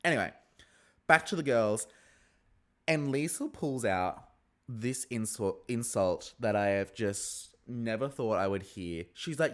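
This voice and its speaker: A man giving a casual, gossipy recap of a reality TV episode, swearing freely and mimicking the cast in a high voice. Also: expressive, a little slow.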